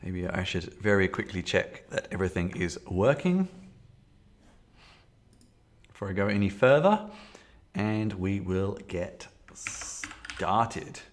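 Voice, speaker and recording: A man with a fairly low voice streaming a solo tabletop game. He chats casually and thinks aloud, rambling with lots of fillers and restarts. He speaks into a desktop setup with a camera. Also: expressive, slow, pauses often.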